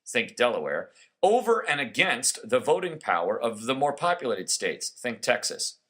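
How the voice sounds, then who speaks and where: A man's voice: mid-range voice, very animated, moderate pace, bright, forceful tone. A man hosting a conservative political talk show, giving an emphatic, sarcastic monologue.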